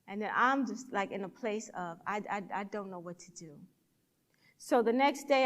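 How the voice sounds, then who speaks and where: A woman's voice: fairly high pitch, long reverb tail. A woman speaker at a church event, telling a personal story in a sermon and acting out the dialogue with animation.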